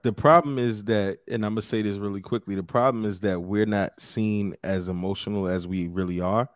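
Guy on a podcast, low voice, laid back, super dry close sound. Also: steady tone, brisk, no echo. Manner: laid-back, talks in loose restarts. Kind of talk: casual chat.

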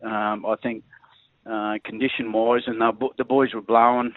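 A man's voice: lowish voice, flat delivery, normal speed, no room sound. A middle-aged man with an Australian accent, a former rugby league player, telling rambling stories as a guest and laughing through them while he talks. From Queensland, Australia. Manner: chatty, laughs through his stories, restarts often. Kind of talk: rambling anecdotal chat. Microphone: phone line. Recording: tinny phone line.

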